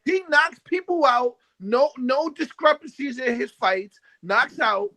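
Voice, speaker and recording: A man's voice: very high-pitched, measured pace, sharp tone, poor audio. A man hosting a livestream debate, cutting in to challenge and demand answers. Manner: interrupting, challenging, repeats "time out".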